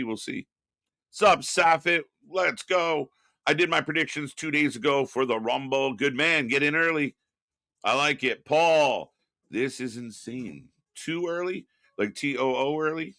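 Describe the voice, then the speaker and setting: A man's voice: mid-range voice, bright, forceful tone, no room sound. A middle-aged man hosting a live stream from home, casually chatting, reading viewer messages and greeting people, with lots of fillers and some swearing. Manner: reads chat messages aloud and greets viewers; rambling with frequent fillers and restarts. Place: home studio.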